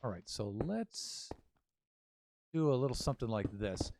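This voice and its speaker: A man's voice: mid-range voice, big pitch swings, measured pace, vocal fry, noisy background. A man casually talking through his building as he streams a game, thinking aloud with many fillers. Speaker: Minecraft streamer.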